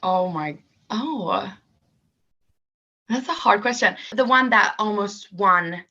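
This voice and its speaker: Young adult female singer, bright and giggly, chatty with fillers; dull lo-fi call sound. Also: mid-range voice, slow. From Sweden. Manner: giggly, lots of likes and fillers. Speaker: singer, interview guest. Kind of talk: casual video-call interview.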